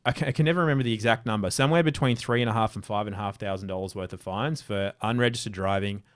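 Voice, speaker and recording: An Australian man appears as an interview guest, telling casual stories in a rambling way and restarting often. He speaks very fast in a lowish voice.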